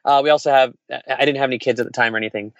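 A man's voice: mid-range voice, fairly even intonation, very fast, fairly bright tone, smooth, no room sound, muffled recording. A man who is an entrepreneur tells candid stories in casual conversation, with restarts and quoted dialogue. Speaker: entrepreneur guest.

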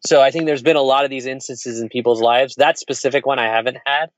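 A man in his forties tells a personal business story at a fast clip, frank and full of restarts. His voice is mid-pitched, and the recording sounds dull and dry. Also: steady tone, no echo. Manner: fast, candid, laughs and restarts often. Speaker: entrepreneur, podcast guest. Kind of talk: casual storytelling conversation.

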